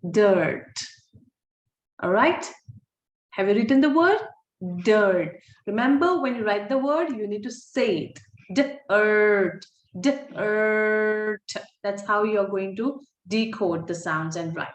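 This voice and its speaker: A woman teaching a recorded online phonics lesson, sounding out words slowly and breaking off with apologetic asides. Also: mid-range voice, reverberant, dull audio. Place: holiday home by the sea, waves audible.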